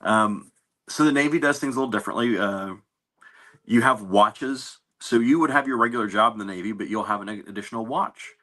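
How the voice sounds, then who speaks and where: A navy veteran man recounts his service in a loose, anecdotal way, pausing on fillers and restarting phrases. His voice sits on the low side but carries a bright, forward tone. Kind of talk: casual interview storytelling.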